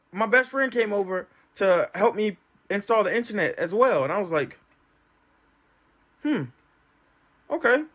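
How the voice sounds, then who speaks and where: Lively man telling a wild story. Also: high voice, a little slow, pauses often. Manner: animated, acts out quoted voices. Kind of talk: casual storytelling.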